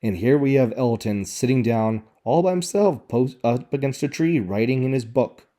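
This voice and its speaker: In a warm, expressive voice of middle pitch, a video reviewer talks at an ordinary pace. His critique of the show's dialogue comes out sarcastic and fed up.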